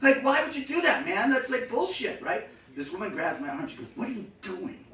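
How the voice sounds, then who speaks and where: Animated, high-voiced male storyteller. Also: brisk. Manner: animated, acts out shouting voices. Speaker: comedic storyteller. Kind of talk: live storytelling set. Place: live venue with audience. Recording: echoey room, mic from a distance.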